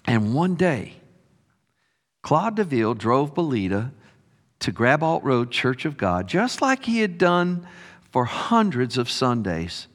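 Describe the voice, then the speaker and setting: A man preaching a sermon as a story, slow and expressive, dropping his voice softly on key words. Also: medium pitch. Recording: long hall reverb.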